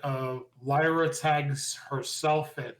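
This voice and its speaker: A man co-hosting a podcast, casually recapping wrestling shows with animated opinions. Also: fairly high pitch, low-quality recording. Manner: animated, quick recapping with impressions of quotes. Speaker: podcast co-host.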